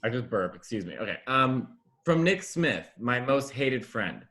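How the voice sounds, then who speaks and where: A man's voice: mid-range voice, sing-song, sharp tone. A man co-hosting a podcast, a comedian chatting casually with jokey asides. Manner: chatty, jokey, fast asides and quoted voices. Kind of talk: casual chat.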